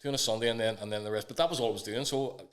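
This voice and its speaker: Fast-talking man telling stories. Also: mid-range voice. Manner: swearing storyteller, quick and animated. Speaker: podcast co-host. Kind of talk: casual chat.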